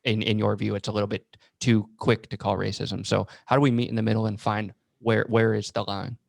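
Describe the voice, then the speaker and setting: Male podcast host, low and gravelly, dry close sound, hesitant questions. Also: level tone, fairly quick, no room sound. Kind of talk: casual interview conversation.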